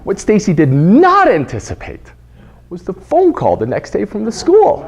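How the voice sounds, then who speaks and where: A man's voice: high voice, moderate pace, vocal fry, dull audio. A man giving a prepared club speech, telling a story and acting out the voices of the people in it. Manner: animated storytelling, acts out quoted voices. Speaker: club speaker.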